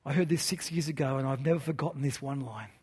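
A man's voice: mid-range voice, fast, darkish tone, slightly rough. A man preaching to his church in an earnest style, with rhetorical questions and repeated phrases. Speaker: pastor. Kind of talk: sermon.

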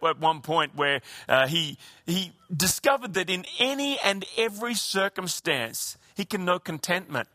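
A man's voice: high-pitched, sharp tone, dry recording, clean studio sound. A man preaching a sermon in a conversational way, often restarting his phrases. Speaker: pastor.

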